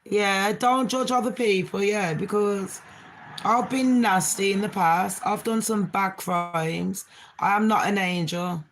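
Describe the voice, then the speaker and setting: Middle-aged woman streamer, frank and rambling, street slang, mid-pitched. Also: steady tone, takes it slowly. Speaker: livestream host. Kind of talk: casual live chat with viewers.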